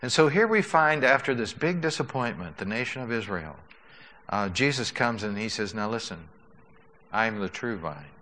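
Bright-voiced man preaching a sermon. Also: medium pitch, animated. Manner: unhurried, earnest preaching with filler uhs and restarts. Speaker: pastor.

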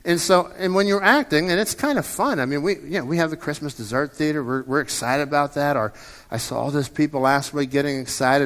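Fiftyish man preaching, slightly high voice. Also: fairly bright tone, long reverb tail. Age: 50s. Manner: conversational, often repeats and restarts words. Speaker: pastor. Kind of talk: sermon.

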